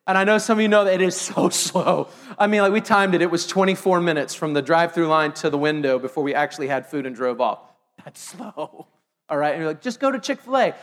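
Man, pastor, very high voice, lively sermon, reverb-heavy church hall. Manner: animated, joking asides to the congregation. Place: church sanctuary.

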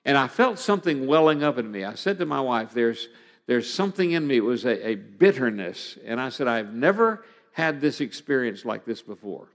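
A man's voice: medium pitch, big pitch swings, normal speed. A middle-aged man preaching a sermon, telling a personal story in an earnest way that rises to emphatic passages. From Oklahoma, USA. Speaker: pastor. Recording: long hall reverb.

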